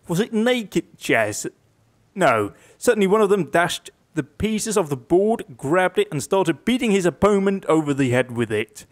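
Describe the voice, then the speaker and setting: A young man casually commenting on a game he is playing, reading its text aloud with dry jokes and puns. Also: on the high side. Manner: wry, jokey, reads game text aloud with quips. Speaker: gaming YouTuber. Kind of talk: casual let's play commentary.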